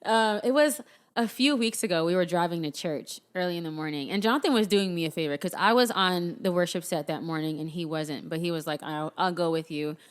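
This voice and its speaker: A woman's voice: lowish voice, a little fast, clear, resonant tone. Laughing young woman telling stories. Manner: laughs often, animated storytelling. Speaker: podcast co-host. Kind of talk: casual chat.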